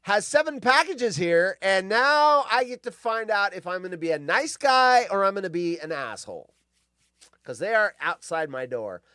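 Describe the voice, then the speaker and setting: A man's voice: high voice, lively intonation, normal speed, bright, forceful tone, smooth, no echo, clean studio sound. A man hosting a live show, chatting casually and reading news stories aloud in a rambling, foul-mouthed way with many restarts. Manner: rambling, swears freely, lots of restarts.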